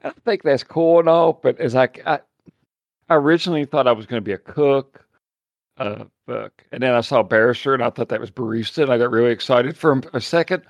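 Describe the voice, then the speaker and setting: Gravelly-voiced man hosting casual chat. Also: mid-range voice, fairly quick, dry recording, muffled recording. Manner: friendly, rambling.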